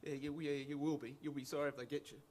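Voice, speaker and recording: A man's voice: a little high, flat delivery, racing, darkish tone, close to an everyday voice. A man playing a frightened, paranoid man off his medication, agitated and stammering, repeating himself. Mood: fearful.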